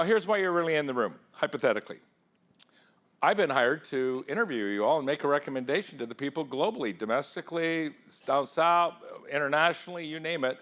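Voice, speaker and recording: Man, keynote speaker, slightly high voice, persuasive, energetic, asks the room questions. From England. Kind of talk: interactive conference talk. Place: conference hall.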